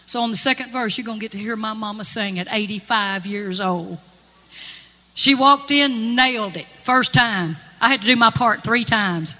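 At a normal speed, a woman with a slightly high, bright voice and a forceful tone gives spoken testimony as a gospel singer. Her words to the congregation are earnest and folksy, heard in a long-reverb church or conference hall with music.

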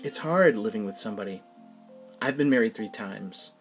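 A man voicing a chatty, motherly older woman who fusses gently over her passenger. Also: fairly low pitch, animated, moderate pace, faint music behind.

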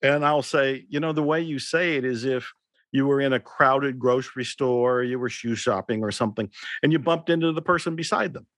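A man speaking as an interview guest, earnest and reflective, often slipping into quoted dialogue as he explains. His voice sits at an ordinary pitch for a man. It is recorded dry and close, with no room echo. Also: steady tone, brisk, fairly bright tone. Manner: earnest, storytelling with acted-out quotes. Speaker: author and teacher, interview guest.

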